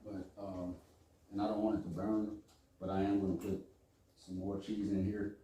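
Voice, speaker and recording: Low-voiced joking man cooking in an echoey kitchen. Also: level tone, normal speed, dark tone, recorded from a distance, slight background noise. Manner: chatty, joking asides to viewers. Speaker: cooking show host. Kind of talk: casual cooking demonstration.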